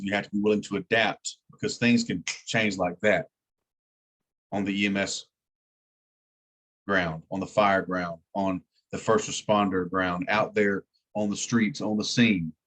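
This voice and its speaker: A man's voice: on the low side, fairly even intonation, moderate pace, a bit bright. A man teaching an EMT class in a plain-spoken way, repeating key words for emphasis. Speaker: EMT instructor. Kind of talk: classroom lecture.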